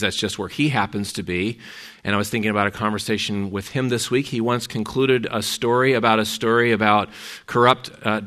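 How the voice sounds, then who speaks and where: A man's voice: mid-range voice, bright, forceful tone. A middle-aged man, a pastor, giving a conversational sermon, telling stories from his week. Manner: conversational, storytelling.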